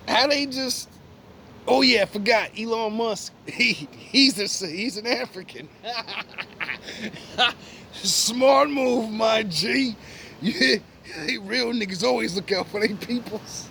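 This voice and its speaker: A man's voice: very high-pitched, slow, pauses often, slight background noise. A man ranting casually to camera in profane slang, laughing often between lines and sounding amused and mocking. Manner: animated, mocking. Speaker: vlogger.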